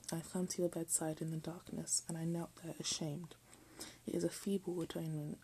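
A woman reading a text aloud in a soft, often half-whispered voice, breaking off for self-mocking jokes. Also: on the low side, a little hiss or hum, low-quality recording. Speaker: reader.

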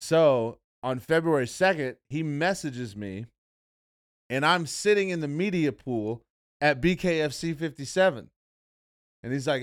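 A man's voice: mid-range voice, moderate pace, dry recording, studio quality. A young man hosting a podcast in casual chat, rambling and profane, calling people "bro" and "dude.". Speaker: podcast host.

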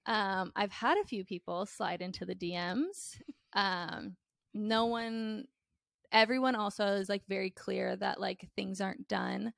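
A woman's voice: medium pitch, measured pace, creaky, no room sound, clean studio sound. A young woman hosting a podcast, talking in a candid, blunt way with lots of fillers. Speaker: podcast host. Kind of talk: casual chat.

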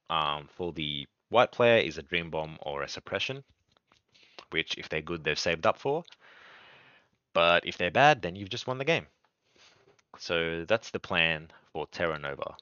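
A man with a low, forceful voice talks casually as a podcast host, stumbling through ums and restarts as he explains his strategy. The recording is dull and lo-fi, with a dry, close sound. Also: lively intonation, a little slow, pauses often, clean tone, no room sound. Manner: rambling, many ums and restarts. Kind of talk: casual card game strategy talk.

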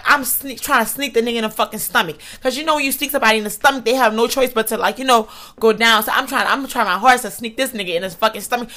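A young woman telling a story in an animated, profane and loud manner. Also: on the high side. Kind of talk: casual storytelling.

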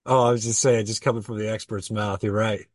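A man's voice: lowish voice, little pitch movement, fast, no room sound, clean studio sound, far from the mic. A man co-hosting a casual sales coaching chat, agreeing and building on his partner's points.

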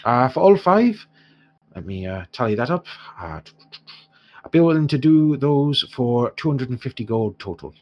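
A man voicing a greedy, theatrical male dwarf shopkeeper in a put-on Irish accent, with wheedling sales patter that leaps in pitch. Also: expressive, normal speed, lo-fi sound, natural voice. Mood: haggling.

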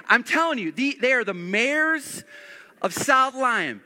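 A middle-aged man preaches in a high, sharp, very bright voice, animated and prone to restarting and repeating his phrases. He jokes his way through a story from the pulpit. His voice hangs in the long reverb of a large church sanctuary. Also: unhurried. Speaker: pastor. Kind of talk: storytelling sermon.

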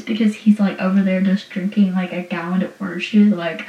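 A woman's voice: mid-range voice, little pitch movement, brisk, few pauses, mellow. Young woman, casual recapper, chatty and laughing, lo-fi room sound. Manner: chatty, laughs often, many fillers. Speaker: show recapper. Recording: roomy, distant, dull lo-fi sound.

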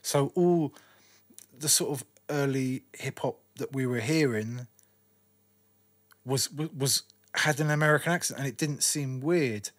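A man from northwest London with a London accent, chatting casually as a guest DJ and sharing memories with slang and shout-outs. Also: medium pitch, unhurried. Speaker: guest DJ and radio presenter. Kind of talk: casual interview chat.

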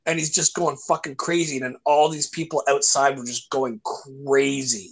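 A man's voice: mid-range voice, steady tone, normal speed, slightly rough. A young man in casual podcast chat, telling long rambling stories and swearing freely. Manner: rambling storyteller, acts out voices in his anecdotes, swears freely.

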